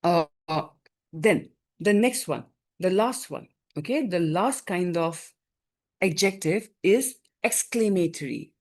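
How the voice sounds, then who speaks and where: Low-voiced teacher explaining grammar. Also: female voice, lively intonation, takes it slowly, darkish tone. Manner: repetitive, checks in with "okay?" and "no?". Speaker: exam prep teacher.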